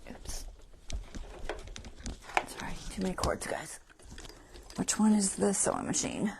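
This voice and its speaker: A woman's voice: mid-range voice, very animated, slow, vocal fry, background noise. A woman hosting a crafting livestream, talking to herself and her viewers as she sews, poking fun at her own mistakes. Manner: self-deprecating, talks to herself while sewing. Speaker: craft channel host. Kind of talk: casual livestream crafting talk. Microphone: clip-on mic.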